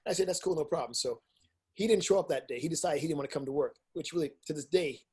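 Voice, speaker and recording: His voice is a bit high and slightly rough, and he talks fast. This middle-aged independent filmmaker and teacher tells stories in a casual interview, animated and candid, cursing openly and performing others' dialogue.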